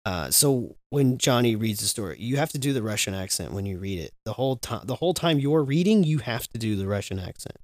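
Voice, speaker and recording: Male podcast co-host, mid-pitched, joking and profane, dry close mic. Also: big pitch swings, fairly quick, hardly any pauses, no room sound. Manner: loose, profane, rambling and joking. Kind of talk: casual podcast chat.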